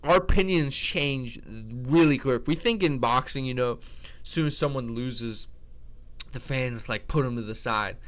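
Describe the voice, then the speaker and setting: Blunt, slangy man with a smooth voice. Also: medium pitch, a little slow, fairly bright tone. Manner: blunt, slangy, trash-talking, with lots of restarts. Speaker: MMA commentator ranking fighters. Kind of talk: casual opinionated commentary.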